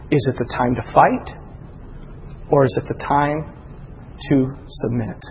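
A man preaching a sermon, retelling scripture stories with animated voices for the figures, swinging from excited peaks to low, quiet emphasis. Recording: long reverb from a big hall, faint room noise.

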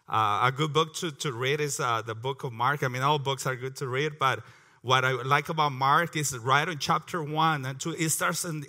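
A man leading a prayer and then teaching a Bible passage, earnest and repeating words as he goes, clearing his throat often. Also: on the high side, sharp tone. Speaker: preacher.

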